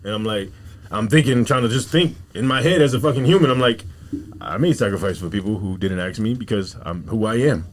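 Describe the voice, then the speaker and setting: A man's voice: lowish voice, a little fast, slight background noise. A man from Newark, a comedian guest, talking bluntly in streetwise slang on a casual podcast, acting out what people say. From Newark, New Jersey.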